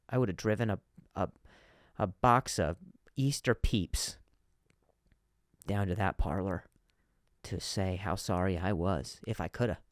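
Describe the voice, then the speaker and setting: A man's voice: lowish voice, no room sound, studio quality. A man hosting a comedy podcast, telling stories in a monologue, with a stutter and frequent repeated words and restarts.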